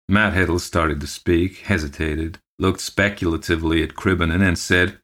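A man narrating a ghost story in a measured, subdued way. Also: low-pitched, fairly even intonation, a bit bright. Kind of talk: audiobook reading of a ghost story.

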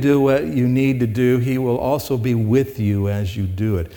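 A man's voice: mid-range voice, steady tone, moderate pace, few pauses, warm tone. A man preaching a sermon to his congregation, conversational and rising to emphatic peaks. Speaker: pastor. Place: church sanctuary with congregation. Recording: long hall reverb.

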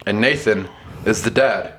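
A man's voice: lowish voice, a little slow, a little hiss or hum. A man co-hosting a comedy podcast, bantering casually and swearing a lot. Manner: profane, animated. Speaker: podcast co-host. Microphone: cheap podcast mics.

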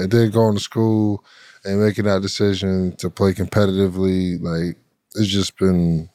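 Laid-back low-voiced man, laughing a lot. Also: level tone, normal speed, warm tone, smooth, no echo, studio quality. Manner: laughing, loose storytelling. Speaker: podcast co-host. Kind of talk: casual chat.

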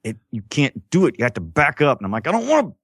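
A man co-hosting a casual gaming podcast, rambling and animated, acting out quotes as he tells stories. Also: mid-range voice, quick pace, breathy edge, dry recording, clean studio sound. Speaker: podcast co-host.

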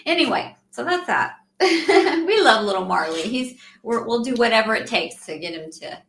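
A woman's voice: a little high, lively intonation, moderate pace, vocal fry, a bit bright, reverberant, slight background noise. A woman co-hosting a show, chatty and teasing, often giggling in casual conversation. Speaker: co-host. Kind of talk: casual chat.

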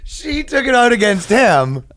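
High-voiced man riffing in podcast banter. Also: big pitch swings, fairly bright tone. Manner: riffs with quick acted-out scenarios and laughter. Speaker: comedy podcast co-host. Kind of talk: casual comedic banter.

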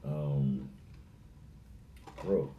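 A man's voice: a bass voice, extremely slow, echoey room, lo-fi sound, slight background noise. A man hosting a casual podcast, laid-back and stumbling over his words as he talks. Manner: laid-back, stammering restarts. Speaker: podcast host. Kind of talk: casual chat.

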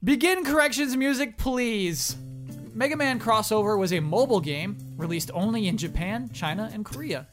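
A man with a notably high, light voice hosts a casual podcast panel. He keeps things moving in an upbeat, brisk way and laughs easily, with faint music underneath. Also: lively intonation. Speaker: podcast moderator.

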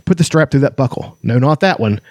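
A man's voice: medium pitch, animated, fairly quick, a little mellow, no echo, studio quality, lightly acted. A man voicing a courteous young dragon. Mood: patient. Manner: formal, polite, instructive. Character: young bronze male dragon, courteous and patient.

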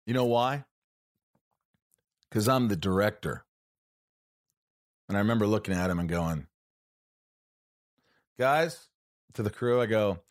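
A man telling animated stories in a casual chat, swearing often and acting out what people said. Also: lowish voice, a little slow, pauses often. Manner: animated, profane, acts out quotes.

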